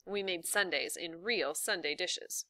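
A woman reading a novel aloud in a steady, even narration. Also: on the low side, unhurried, dry recording, clean studio sound. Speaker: reader.

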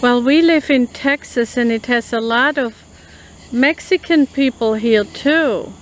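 A woman's voice: a little high, slight background noise, low-quality recording. Chatty woman reviewing food outdoors. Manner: chatty, reads labels aloud slowly. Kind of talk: casual product review vlog. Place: outdoors in a rural yard at night.

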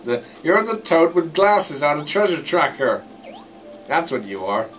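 A very animated man with a slightly high, somewhat bright voice speaks a little slowly while racing online. He laughs off his own mistakes and fumbles words in a casual let's play over game music. Audio quality is poor.

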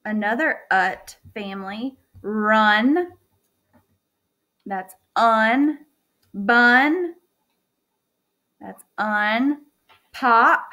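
A woman teacher giving a remote phonics lesson from home, speaking clearly and encouragingly to her students. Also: fairly high pitch, drawn-out words, pauses often, bright, forceful tone, low-quality recording. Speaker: elementary school teacher.

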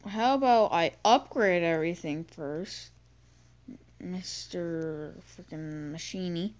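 Teen girl, gaming commentary, slow unhurried chatter, self-mocking, breaks into screams. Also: lowish voice, fairly even intonation, clean tone. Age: teens. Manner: bursts into screams and sing-song humming. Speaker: gaming YouTuber. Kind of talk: gameplay commentary.

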